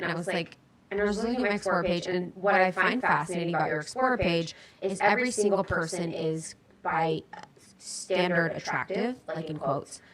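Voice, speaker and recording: A woman's voice: on the low side, distant mic. A young woman co-hosting a podcast, telling stories in a chatty, laughing, slangy way. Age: young adult. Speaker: podcast co-host. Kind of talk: casual chat.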